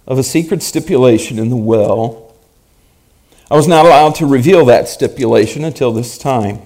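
A man's voice: medium pitch, darkish tone, lightly acted. A preacher acting out an insistent male auctioneer who keeps pleading for bids. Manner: pleading, emphatic calls for bids.

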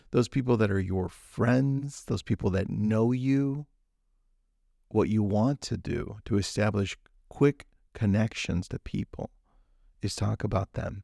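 A man's voice: on the low side, measured pace, vocal fry, warm tone, no room sound, studio quality. A man hosting a solo podcast, telling a story in an upbeat way with frequent restarts. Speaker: podcast host.

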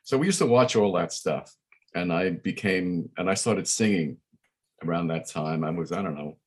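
A husky, somewhat low voice from an older man. He tells his stories in a loose, rambling way, full of fillers and restarts. He is a musician guest in a casual interview. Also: moderate pace, darkish tone. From Brooklyn, New York. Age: 60s.

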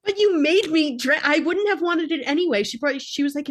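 A woman's voice: sits high, animated, brisk. A woman co-hosting a podcast in casual chat, wry and self-deprecating, laughing as she tells stories. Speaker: podcast co-host.

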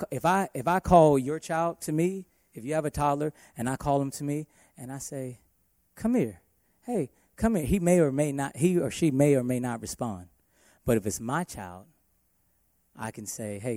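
Preaching man, warm dry voice. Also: medium pitch, no room sound. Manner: emphatic preaching with shifting loudness. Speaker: worship pastor. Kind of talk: sermon.

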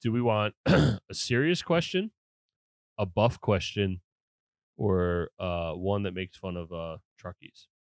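A man's voice: deep voice, slow, dry recording, clean studio sound. A man hosting a casual podcast chat, talking bluntly and swearing often. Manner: blunt, profane. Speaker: podcast host.

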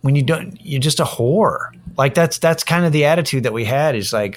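A man's voice: fairly high pitch, moderate pace. A middle-aged man hosting a casual solo podcast, ranting in an irritated, profane way. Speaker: podcast host. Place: Austin-area home setting.

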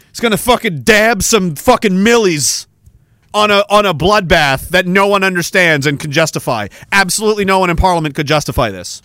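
A man hosting a podcast, delivering a heated, profanity-laced rant that swings into shouting. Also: high-pitched, dry recording. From Canada. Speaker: podcast host. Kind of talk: angry rant.

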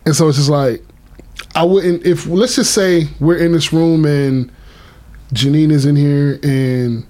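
A man's voice: on the high side, steady tone, darkish tone. Rambling podcast co-host man. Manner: rambling, repeats himself, drawn-out explanations. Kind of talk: casual chat.

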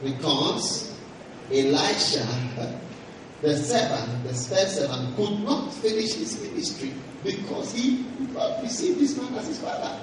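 A high-voiced man preaching with emphatic rises and falls, quizzing his congregation as he goes. He is heard from a distance in a large, very echoey hall, with clear noise underneath. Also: sing-song, unhurried. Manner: emphatic preaching with call-and-response questions. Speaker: pastor. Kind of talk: sermon. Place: large hall at a camp meeting. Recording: echoey hall, voice from far off, noisy.

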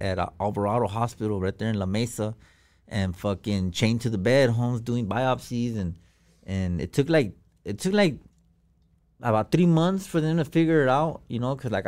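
A man's voice: fairly low pitch, fairly quick, darkish tone. Slangy, profane man telling a story. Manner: slangy and profane, full of fillers. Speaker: podcast guest. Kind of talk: casual storytelling.

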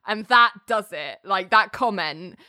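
A woman's voice: mid-range voice, lively intonation, a little slow, bright, forceful tone, no room sound, studio quality. A woman casually recapping a TV episode, chatty and laughing often. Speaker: podcast co-host recapping a TV episode. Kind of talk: casual chat.

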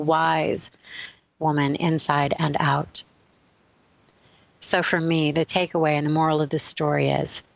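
Low-voiced woman telling a spiritual story. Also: creaky, no room sound, low-quality recording. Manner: animated storyteller, switching quickly between characters. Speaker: spiritual speaker. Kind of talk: storytelling talk.

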